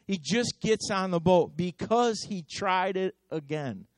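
A man preaching a sermon as pastor, impassioned and repetitive, swinging between loud exhortation and hushed intensity. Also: high voice, lively intonation, unhurried, no room sound, clean studio sound. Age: adult.

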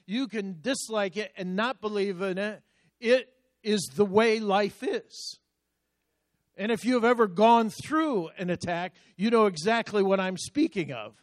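High-voiced preaching man. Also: dry recording. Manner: emphatic preaching, slows down to read scripture aloud. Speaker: pastor. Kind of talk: sermon.

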